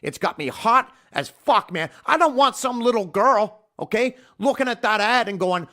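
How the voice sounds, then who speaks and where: A man with a high, bright, forceful voice talks animatedly at normal speed, barely pausing. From his home podcast studio, he launches into a heated, profane, emphatic rant as the show's host.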